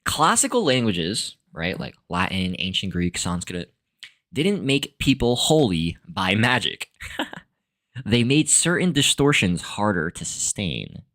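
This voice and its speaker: Animated young man rambling casually. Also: fairly low pitch, takes it slowly. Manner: rambling, filler-heavy, laughs often. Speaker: podcast host. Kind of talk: casual monologue on language and philosophy.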